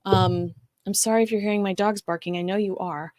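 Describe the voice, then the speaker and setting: A woman's voice: mid-range voice, steady tone, a little fast, a little mellow, no room sound, clean studio sound. A woman hosting a casual livestream, chatting and reading viewer comments in a rambling, talkative way. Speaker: show host reading live chat.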